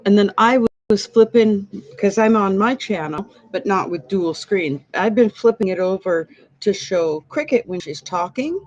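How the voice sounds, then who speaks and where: A woman's voice: mid-range voice, lively intonation, normal speed, darkish tone. A woman co-hosting a casual livestream from a diner booth, talking in long rambling stories and laughing often. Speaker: livestream co-host. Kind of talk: casual chat. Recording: dull lo-fi livestream audio.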